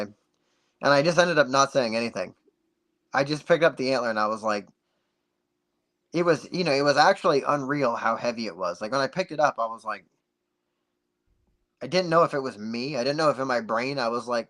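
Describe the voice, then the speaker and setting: A man guest on a podcast, telling a story in a casual, animated way and acting out the dialogue. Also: mid-range voice, a little fast, long pauses. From United States. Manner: animated, acts out dialogue with many "like"s.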